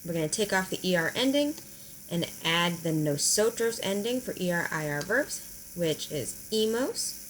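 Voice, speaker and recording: A woman teacher, explaining verb endings in a recorded lesson, slowing down to spell them out. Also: on the low side, expressive, a little hiss or hum, low-quality recording. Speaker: high school Spanish teacher. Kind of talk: recorded video lesson at a whiteboard.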